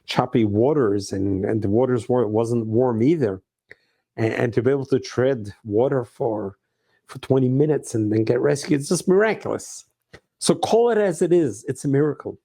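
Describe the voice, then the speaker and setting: A man's voice: mid-range voice, normal speed, gravelly, warm tone. A middle-aged man preaching as a rabbi, earnest and emphatic, repeating his phrases. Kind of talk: sermon.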